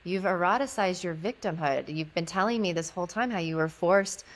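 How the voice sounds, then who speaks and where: A woman's voice: on the low side, brisk. A woman guest, an intimacy educator, telling a story in conversation and acting out the dialogue in it. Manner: animated, acts out quoted dialogue.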